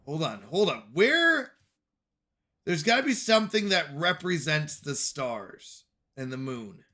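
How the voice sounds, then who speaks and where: Lively bright-voiced male game streamer. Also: a little high, normal speed. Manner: jokey self-talk, scolding chat and himself. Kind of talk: live game commentary.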